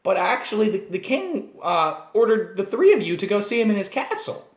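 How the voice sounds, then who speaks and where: A man voicing an annoying, high-voiced gnome adventurer who chatters on and sulks. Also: big pitch swings, a little fast. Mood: chatty. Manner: chirpy, oversharing, petulant. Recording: roomy echo.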